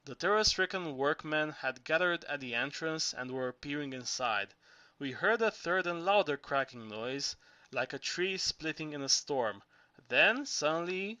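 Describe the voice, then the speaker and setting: A man reading novel narration aloud, steady with small restarts. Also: fairly high pitch, dry recording, highs cut off. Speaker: audiobook reader.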